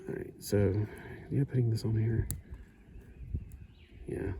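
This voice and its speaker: Speaking slowly with fairly even intonation, a middle-aged man with a fairly low, dark voice chats while building a kit. As a hobby builder in a casual build-along, he rambles, self-corrects, and makes chuckling asides. A little hiss or hum sits in the background.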